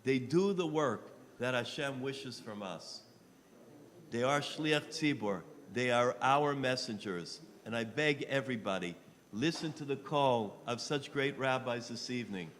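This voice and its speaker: A man making an impassioned fundraising appeal on a live telethon, pleading and rising to shouts. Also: mid-range voice, expressive, measured pace, long reverb tail, a little hiss or hum. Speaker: rabbi appealing for donations. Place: telethon studio.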